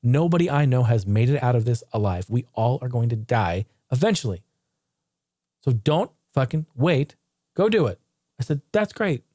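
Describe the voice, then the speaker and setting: A man speaks bluntly and profanely as he looks back on hard years, circling back and restarting his sentences. His voice is mellow and relaxed, and the recording is close and dry with no room sound. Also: mid-range voice, normal speed, no room sound. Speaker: channel host. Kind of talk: candid personal retrospective monologue. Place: home.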